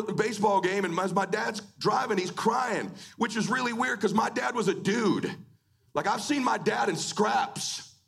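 A middle-aged man giving a live motivational speech to an audience, swinging between emphatic shouting and hushed, emotional delivery. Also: very high voice, creaky, slightly rough. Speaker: motivational speaker. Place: event hall before a live audience.

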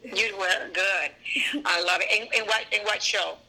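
Bright-toned older Cuban woman storyteller. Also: medium pitch, unhurried, slight background noise, low-quality recording. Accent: Cuban Spanish. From Cuba. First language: Spanish. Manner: animated, anecdotal storyteller. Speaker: actress guest. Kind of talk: casual interview chat.

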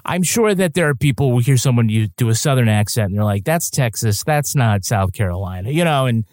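Man, podcast co-host, casual rambling chat, mid-pitched, dry sound. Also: animated, brisk, darkish tone, no echo.

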